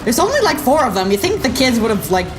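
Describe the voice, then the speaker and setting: A woman's voice: fairly high pitch, very animated, quick pace, low-quality recording. A woman hosting a reaction video, giving casual, sarcastic commentary with frequent giggles.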